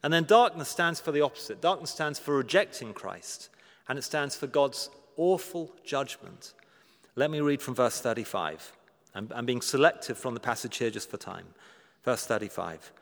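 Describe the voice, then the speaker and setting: A man preaching a sermon, earnest and emphatic, slowing down to stress key words and asking rhetorical questions with dry humor. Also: mid-range voice, expressive, a bit bright. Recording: long reverb of a large hall.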